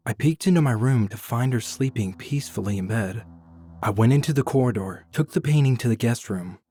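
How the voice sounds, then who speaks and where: A man tells a scripted first-person horror story in an even, somber manner. His voice sits low and mellow at a middling pitch, with quiet music playing softly beneath the narration.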